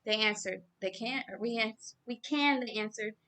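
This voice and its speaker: A woman giving an informal Bible reading and sermon, earnest and growing loud and emphatic as she preaches. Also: on the high side, moderate pace. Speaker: self-styled preacher.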